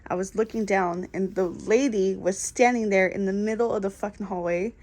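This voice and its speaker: A woman's voice: mid-range voice, steady tone, moderate pace, darkish tone. A young woman vlogging from her apartment, telling a story casually, rambling and swearing freely. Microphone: camera in front of her.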